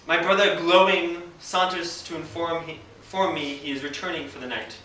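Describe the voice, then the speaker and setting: A man's voice: fairly high pitch, steady tone, normal speed, sharp tone, a little hiss or hum. A man telling a vivid, wry personal story on stage, laughing often at his own tale. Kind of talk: live storytelling performance. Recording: echoey room, distant mic.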